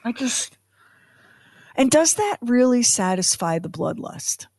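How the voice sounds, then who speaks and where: A woman co-hosting a podcast, in chatty, animated casual talk full of fillers and asides. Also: fairly high pitch, slow pace, no room sound, studio quality. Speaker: podcast co-host. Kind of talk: casual chat.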